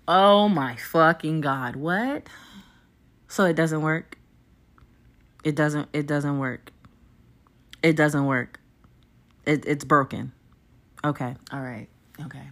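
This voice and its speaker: Brief: woman podcast host, blunt, profane rant, lower voice, laughs a lot. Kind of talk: casual solo podcast rant.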